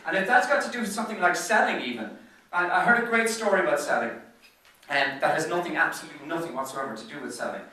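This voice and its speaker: A man's voice: fairly high pitch, expressive, quick pace, sharp tone. An Irish man giving an after-dinner business presentation at a golf club, telling anecdotes in a chatty way and often repeating words as he goes. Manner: chatty storyteller who stutters on repeated words. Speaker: business speaker. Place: function room at a golf club. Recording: very echoey room, mic far off.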